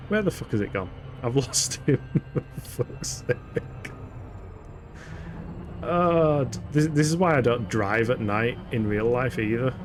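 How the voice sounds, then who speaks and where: With vocal fry in his mid-range voice, a man provides casual live commentary on the game he's streaming. He frequently swears, laughs and jokes at his own expense, and game music sits in the background.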